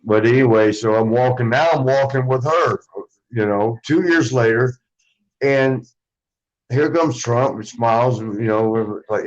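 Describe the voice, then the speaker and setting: A former wrestler as an interview guest, telling stories casually in a rambling way, swearing freely and acting out what others said. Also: male voice, medium pitch, steady tone, moderate pace, lo-fi sound. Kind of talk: casual storytelling.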